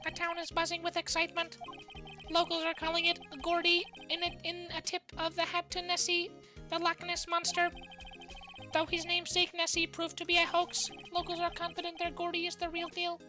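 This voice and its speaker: A woman voicing a formal TV news anchor with measured newsreader delivery. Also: very high-pitched, completely flat delivery, music in the background, pitched above the performer's own voice. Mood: newsy.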